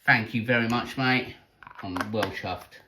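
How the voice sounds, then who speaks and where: A man, hosting a casual vlog and chatting in a relaxed way about his tarantulas, with plenty of ums. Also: medium pitch, a little slow, a little hiss or hum. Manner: chatty, laid-back, says um and uh a lot. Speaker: tarantula keeper and channel host. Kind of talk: casual show-and-tell vlog.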